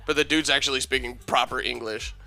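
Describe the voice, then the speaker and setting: A young man riffs his way through casual podcast banter, cursing freely as his thoughts wander from one point to the next. His voice sits at an average pitch and comes across bright and forward. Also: steady tone, fast talker, creaky, soft background music. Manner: loose, profane, rambling. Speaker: podcast host.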